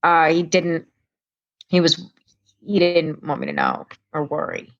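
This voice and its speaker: A woman's voice: sits low, very animated, a little slow, vocal fry, lo-fi sound. A woman from Connecticut, a comedian guest, telling a story in casual talk and acting out the voices of the people in it.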